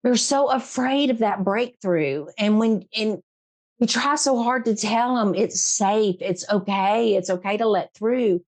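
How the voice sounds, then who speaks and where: A woman's voice: medium pitch, unhurried, darkish tone. A middle-aged woman hosting her own podcast, talking earnestly and emphatically, repeating herself for stress and often laughing. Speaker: podcast host. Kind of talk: emotional interview chat.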